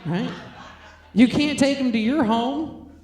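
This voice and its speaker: A woman's voice: high voice, takes it slowly, a little mellow. Crude, self-mocking woman stand-up comic. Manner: laughs between lines. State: nursing a baby on stage. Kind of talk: stand-up set. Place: comedy stage, roomy venue. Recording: roomy live venue recording.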